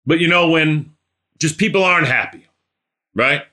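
Man, preacher, sermon, storytelling, emphatic, bright tone. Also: a little high, moderate pace. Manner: storytelling, rising to emphatic exhortation.

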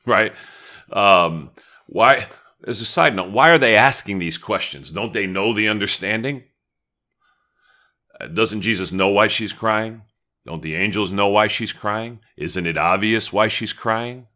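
Low-voiced man preaching a sermon. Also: measured pace, pushed and bright. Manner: conversational teaching with prayerful asides. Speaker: pastor.

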